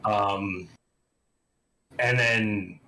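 A man talks as a livestream guest in a bright, forward voice. He tells his stories bluntly, swears a lot and jokes at his own expense. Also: fairly low pitch, steady tone, drawn-out words, rough recording. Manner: blunt, profane, self-mocking. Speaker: guest, streamer. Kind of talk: casual storytelling chat.

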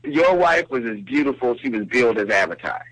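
A man with a bright, forceful voice teases his co-host in casual radio banter. The sound is close and dry, with no room around it. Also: medium pitch, sing-song, fairly quick, no room sound, low-quality recording. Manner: dry teasing.

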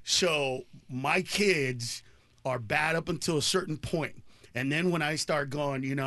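A middle-aged man, a comedian guest, telling candid stories on a podcast with animated energy that rises into loud laughing shouts. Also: on the high side, unhurried, vocal fry, no echo, clean studio sound.

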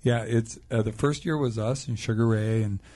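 A man's voice: on the low side, steady tone, normal speed, a little mellow. A middle-aged man, a musician guest on a radio show, talking in an easygoing, joking way and laughing often. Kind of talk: casual radio interview.

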